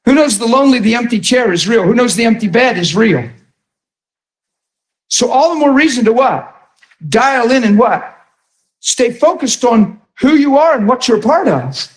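A man preaching a sermon with passion, often shouting and repeating himself. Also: very high-pitched.

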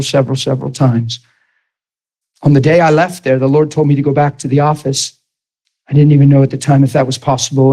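A man preaching, retelling a story in an animated, emphatic way with lots of repetition. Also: medium pitch, low-quality recording. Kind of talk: storytelling sermon.

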